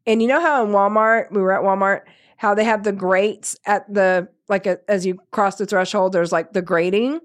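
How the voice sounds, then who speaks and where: A woman's voice: medium pitch, fairly even intonation, normal speed. A middle-aged woman co-hosting a podcast, telling stories in casual chat and laughing often. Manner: chatty storyteller, laughs often. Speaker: podcast co-host.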